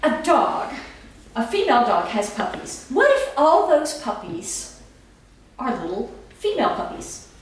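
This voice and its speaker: A woman's voice: on the high side, very animated, measured pace, slight background noise. A woman presenting a stage comedy sketch in a chatty, digressing way, heard from far off in an echoey hall.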